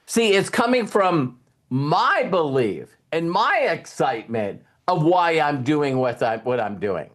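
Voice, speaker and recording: Man, middle-aged, motivational speaker, animated, slightly high voice. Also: measured pace. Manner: animated, acts out little dialogues. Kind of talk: motivational talk.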